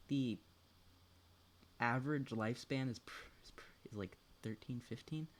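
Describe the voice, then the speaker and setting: A man's voice: mid-range voice, measured pace. Rambling young man streaming a farming game. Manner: rambling, swears often, laughs between thoughts; talks to a pet and chat while playing. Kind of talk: casual gaming chat.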